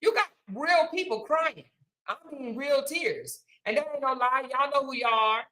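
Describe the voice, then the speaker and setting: A woman's voice: high-pitched, expressive, normal speed, bright, forceful tone, poor audio. A woman hosting a casual livestream, chatting and thanking viewers as she reads their comments. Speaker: livestream host.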